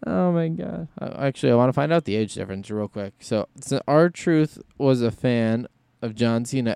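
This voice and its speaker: A man's voice: medium pitch, moderate pace, gravelly, hardly any pauses, dark tone, smooth, no room sound. A man hosting a solo podcast in casual chat, rambling and thinking aloud as he goes. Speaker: podcast host.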